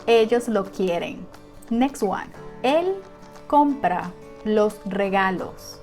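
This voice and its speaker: Slow, careful teacher woman. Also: mid-range voice, animated, a little mellow, faint music behind. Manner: slow, careful model sentences with questions to the viewer. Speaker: Spanish teacher. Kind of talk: language lesson.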